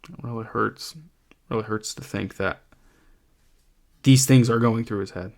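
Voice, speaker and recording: A man teaching a literature lesson in a thoughtful, conversational way, pausing with ums as he reads aloud passages from a novel. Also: lowish voice, creaky, a little mellow.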